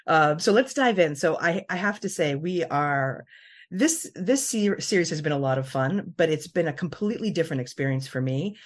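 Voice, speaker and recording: Chatty woman podcast host, lowish voice. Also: expressive, normal speed. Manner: chatty, laughs often, many fillers and restarts. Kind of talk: casual chat.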